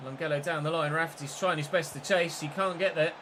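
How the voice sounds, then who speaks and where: A man's voice: fairly high pitch, fairly even intonation, fast talker, noisy background. A man giving live, mock match commentary while playing a football game, swearing when frustrated.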